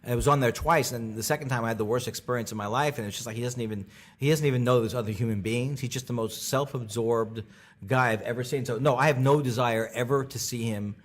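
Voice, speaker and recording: A middle-aged male comedian telling stories as a podcast guest, animated and full of restarts. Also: fast. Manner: animated, many restarts, bursts into high character voices. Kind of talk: storytelling conversation.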